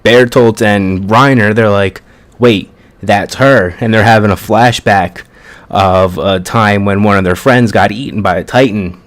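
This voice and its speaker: A man casually recapping an anime episode in an excited, chatty way, with plenty of swearing. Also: fairly low pitch, moderate pace. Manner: excited, profane, chatty storytelling. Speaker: anime reviewer.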